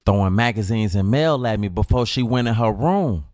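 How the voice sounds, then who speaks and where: A man's voice: on the low side, expressive, darkish tone, no echo, studio quality. Young Chicago man telling a dramatic story. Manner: dramatic, slangy narration with drawn-out pauses. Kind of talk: comedic storytelling skit.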